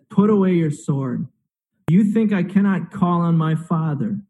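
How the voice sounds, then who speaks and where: A male pastor preaching a sermon in a storytelling way. His voice sits a little high for a man yet sounds mellow and warm, and he throws in rhetorical questions as he goes. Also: rough recording. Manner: storytelling, acts out quoted speech, asks rhetorical questions.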